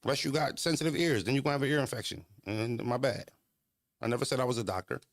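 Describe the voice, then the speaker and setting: Animated man ranting to his stream chat. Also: quick pace. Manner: animated, repetitive, swings from low mutters to high exclaims. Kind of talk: casual live-stream rant.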